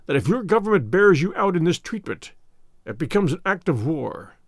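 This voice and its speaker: A man voicing a proud, furious German spy who has just been captured, speaking grimly and deliberately in an audiobook. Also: fairly high pitch, sing-song, no room sound, studio quality. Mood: indignant. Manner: bitter, grim and deliberate. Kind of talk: audiobook character voice.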